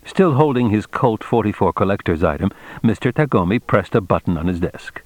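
Man narrating an audiobook, low voice, dry close sound, steady reading. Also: a little fast, no room sound. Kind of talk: scripted narration.

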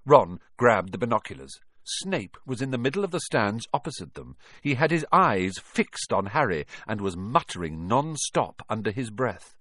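Man narrating a storybook, lively swooping pitch, dry close sound, dramatic. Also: normal speed, few pauses, no echo. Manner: dramatic, expressive reading with big swings. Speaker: audiobook narrator.

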